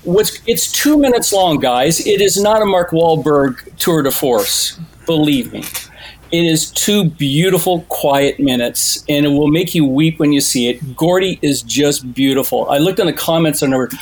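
A man on a casual podcast, retelling a film scene with animated, rambling asides. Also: fairly high pitch, measured pace, slight background noise. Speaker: podcast co-host.

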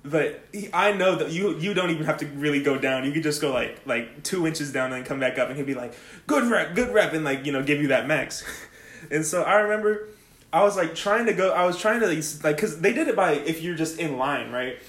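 A man's voice: on the high side, brisk, fairly bright tone. Laughing young man telling a story. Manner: laughs often, profane, rambling with lots of "like". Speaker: storyteller in a casual chat. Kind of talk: casual chat. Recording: echoey room.

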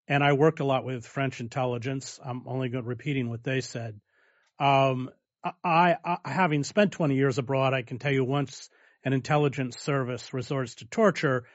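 A male interviewer setting up a long question in a measured, hesitant way. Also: mid-range voice, dry recording. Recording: dull dry lo-fi audio.

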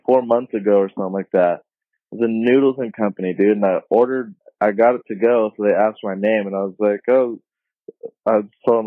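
A young man telling a story casually on a podcast, slangy and swearing, jumping high when he quotes people. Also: no room sound. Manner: laid-back slangy, swears often, voices others in high tones. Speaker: podcast guest. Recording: phone-like dry sound.

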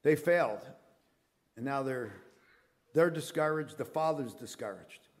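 A man's voice: medium pitch, measured pace. Earnest man preaching a sermon. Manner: earnest preaching with frequent fillers and restarts. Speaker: pastor.

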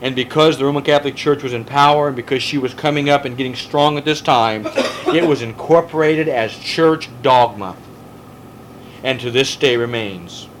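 Leading a Bible study, the middle-aged pastor lectures emphatically, leaning on rhetorical questions and answering those from his listeners. He speaks at a medium pitch and moderate pace, with a little hiss or hum.

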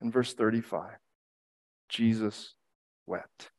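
A man's voice: fairly low pitch, steady tone, slow, darkish tone. A middle-aged man preaching a sermon in an earnest, reflective way, grieving the recent death of his father and repeating key phrases for emphasis. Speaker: pastor.

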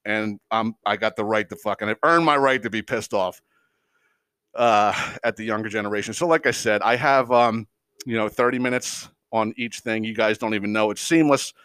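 A man's voice: fairly low pitch, moderate pace, clear, resonant tone, dry recording. A middle-aged man hosting a podcast, ranting casually with heavy profanity and frequent laughs. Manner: profane, animated, laughing storyteller. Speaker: podcast host. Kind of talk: casual comedic rant.

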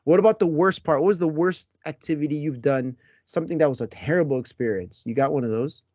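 A man hosting a podcast interview in casual chat, animated, laughing often and acting out quotes. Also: fairly high pitch, fast talker, dry recording, highs cut off. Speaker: podcast host.

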